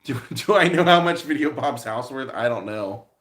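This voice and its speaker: A man's voice: mid-range voice, animated, moderate pace, a bit bright. A man hosting a live stream as a vlogger. He chats casually with his viewers and tells meandering stories, full of restarts and fillers. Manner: rambling storyteller with many restarts and fillers.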